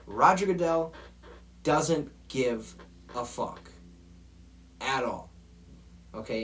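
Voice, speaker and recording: A man hosting a football show, ranting in a profane, exasperated way straight to his viewers. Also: medium pitch. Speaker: sports show host. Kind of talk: heated football rant.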